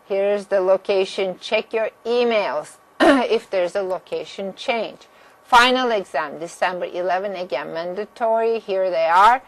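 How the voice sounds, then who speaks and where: A woman's voice: mid-range voice, measured pace, poor audio. A woman math instructor giving a course orientation lecture, direct and firm about deadlines.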